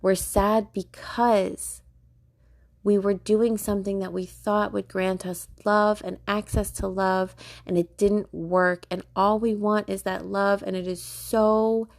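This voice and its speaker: A woman's voice: mid-range voice, little pitch movement, slow, vocal fry. A young woman hosting a podcast, talking casually about self-love with lots of fillers, laughter and swearing. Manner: chatty, filler-heavy, swearing, laughing often. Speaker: podcast host.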